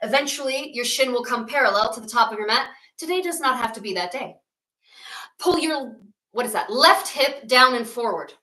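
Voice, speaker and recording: A woman's voice: fairly high pitch, lively intonation, normal speed, bright, forceful tone, echoey room, recorded from a distance, rough recording. A woman leading a guided yoga class and telling a myth along the way, with playful, jokey asides. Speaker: yoga teacher.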